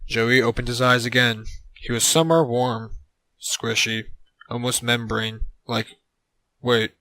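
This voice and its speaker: A man narrating an absurd comedic story in a deadpan way on a close mic. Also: medium pitch, a little slow, no echo, poor audio.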